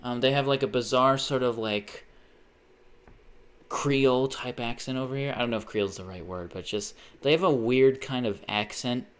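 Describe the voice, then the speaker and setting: A man's voice: medium pitch, normal speed. Rambling young guy streaming. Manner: rambling, swears often, sudden excited outbursts. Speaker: live streamer. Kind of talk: casual livestream chat.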